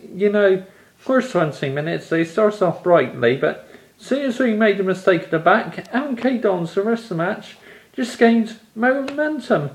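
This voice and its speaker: A man's voice: sits high, sing-song, a little slow, gravelly. A young man from England ranting angrily about his football team's loss, swearing and exasperated. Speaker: football fan vlogger. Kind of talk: angry fan rant to camera.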